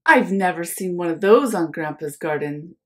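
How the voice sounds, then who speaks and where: A woman's voice: lowish voice, expressive, moderate pace, fairly bright tone. A woman doing a stubborn little storybook boy. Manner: firm, insistent.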